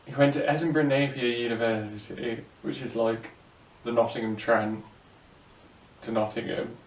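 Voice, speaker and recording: A man's voice: medium pitch, fairly even intonation, normal speed. A man with a Doncaster accent, chatting casually in a blunt, crude and self-mocking way. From England. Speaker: co-host. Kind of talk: casual chat. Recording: roomy echo.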